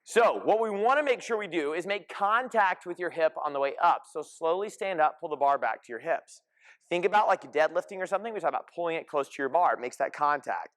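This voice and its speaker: A fitness coach with a high-pitched male voice leads a group class. He talks in short, energetic commands and calls out cues as his class moves. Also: a little fast. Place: gym class.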